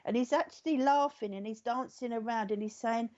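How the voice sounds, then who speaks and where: A woman's voice: fairly high pitch, a little fast, few pauses, a little mellow, dull audio. A woman psychic medium giving a live reading in a reassuring way, often checking in with the listener. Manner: reassuring, often checks in with "okay?" and "all right?".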